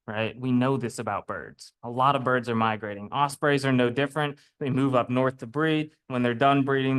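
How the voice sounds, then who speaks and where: A man giving a chatty, lively talk to a live audience as a naturalist, often checking in with "right?" and "okay?". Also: medium pitch, smooth. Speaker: naturalist speaker. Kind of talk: public lecture with slides. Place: lecture room before a live audience.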